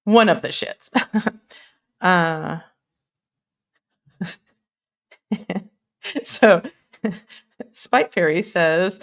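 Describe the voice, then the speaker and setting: Hosting a laid-back live stream on a computer mic, a woman wanders between topics, laughs a lot, and swears without restraint. Her voice is on the low side and creaky, with drawn-out words and frequent pauses.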